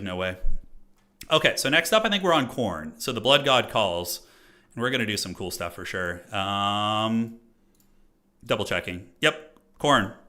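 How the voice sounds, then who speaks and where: Man, streamer, live game commentary, bright tense voice, casual, thinking aloud, self-critical. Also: on the low side. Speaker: streamer playing a competitive strategy tournament.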